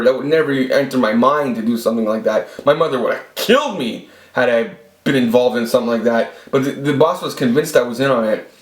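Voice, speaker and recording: A man in his forties telling rambling, profane stories about his past into a camera he set up himself. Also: medium pitch. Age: 40s. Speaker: vlogger. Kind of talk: casual storytelling monologue. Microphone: self-filmed camera. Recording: echoey room.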